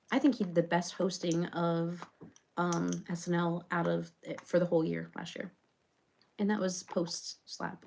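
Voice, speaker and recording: A woman's voice: lowish voice, creaky, a little mellow, a little hiss or hum. A woman playing a rambling reality-show personality in a comedic parody monologue, chattering on with loads of fillers.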